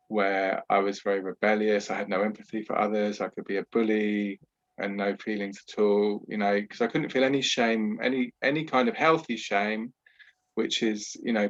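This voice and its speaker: Man, podcast guest, low register, candid and measured storyteller, muffled lo-fi sound. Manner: candid, measured, with many "you know" asides. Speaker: podcast guest, trauma healer. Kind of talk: reflective personal storytelling.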